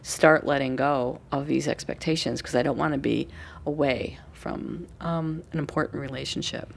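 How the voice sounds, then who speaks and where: A woman with a low, gravelly voice, speaking as a coach. She explains things gently and thoughtfully, in an easy conversational way, with plenty of small fillers. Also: steady tone, normal speed. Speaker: forgiveness coach and workshop leader.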